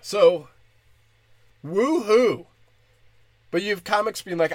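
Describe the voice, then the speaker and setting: Young male stand-up, crude ranting delivery, slightly high voice, dry sound. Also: sing-song, slow pace, long pauses, fairly bright tone, dry recording. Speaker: stand-up comedian. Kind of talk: stand-up comedy rant.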